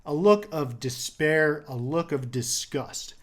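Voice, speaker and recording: A man's voice: a little high, slow. A young man telling a story in a casual, rambling way, full of "like" and swearing. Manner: rambling, filler-heavy, swears.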